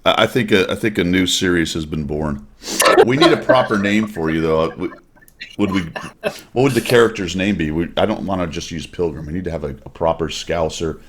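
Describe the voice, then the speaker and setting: A man's voice: deep voice, brisk, a little hiss or hum. A man hosting a casual gaming talk show, laid-back and rambling, often enthusiastic. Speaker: podcast host.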